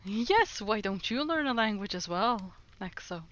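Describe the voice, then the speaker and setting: This streamer, a native Norwegian speaker, is practicing on a language app and bantering with viewers, laughing often and teasing herself. She speaks a little slowly and expressively in a medium-pitched voice, though the recording is muffled.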